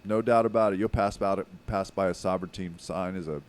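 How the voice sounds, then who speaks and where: A man's voice: sits low, steady tone, quick pace. A middle-aged man from Hawaii, a podcast guest who talks in an emphatic, profane, casual way.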